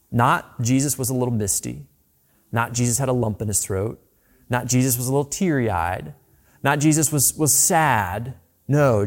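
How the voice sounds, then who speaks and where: A man preaching a sermon, reading scripture aloud and explaining it, slowing to emphatic pauses and dropping his voice on key words. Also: mid-range voice, darkish tone. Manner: reads scripture aloud with lifted, dramatic quoted lines.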